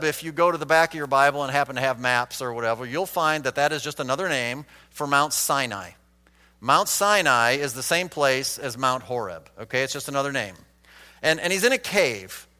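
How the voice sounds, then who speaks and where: A man preaching an expository Bible sermon, acting out quoted lines with sweeping changes in pitch and loudness. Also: big-room sound. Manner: dramatic, acts out quoted lines with big swings in pitch and volume.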